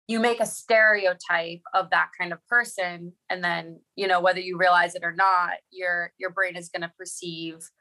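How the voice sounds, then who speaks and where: A woman from Boston chats as a podcast guest, with a bright, forward tone. She rambles along with lots of filler words. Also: fairly low pitch, fairly even intonation, normal speed, few pauses. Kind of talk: casual podcast chat.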